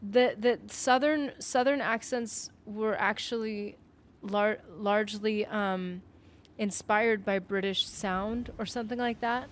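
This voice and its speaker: This woman speaks slowly with fairly even intonation and a medium pitch. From the northern United States, she chats casually on a game stream, rambling with lots of "like," stopping mid-thought, and reading out viewer comments.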